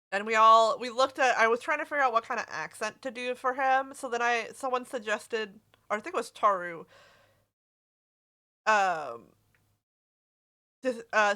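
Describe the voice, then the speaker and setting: A woman's voice: medium pitch, pushed and bright. A woman streaming a game, chatting casually with her viewers and swearing freely. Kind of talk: casual live-stream chat.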